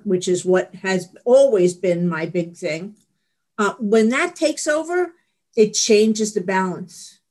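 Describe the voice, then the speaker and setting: A middle-aged woman giving a candid, rambling personal share at a support meeting, laughing at herself. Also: mid-range voice. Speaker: recovery meeting speaker.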